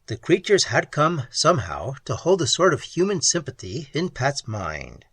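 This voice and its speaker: An audiobook narrator reading a classic science fiction tale with lively, dramatic storytelling. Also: moderate pace, few pauses, husky, dry recording. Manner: lively, dramatic storytelling, swinging widely in pitch. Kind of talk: slow, expressive audiobook narration.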